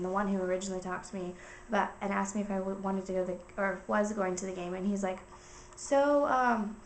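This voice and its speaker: Young woman vlogger, rambling and casual, mid pitch, roomy echo. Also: slight background noise. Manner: rambling, filler-heavy storytelling. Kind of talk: casual chat. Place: indoors at home.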